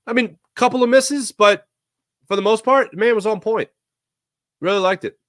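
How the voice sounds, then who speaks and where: A man's voice: high voice, moderate pace, dry recording, studio quality. A man hosting a sports talk show, chatting casually and rambling with jokes while he answers viewer comments. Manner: animated, rambling, jokey.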